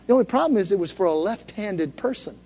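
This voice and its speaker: A man's voice: sits high, expressive, fast, warm tone, long reverb tail, slight background noise. A man preaching to a congregation, telling a story conversationally and building to calls for them to repeat after him. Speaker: pastor. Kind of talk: sermon. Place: church hall before a congregation.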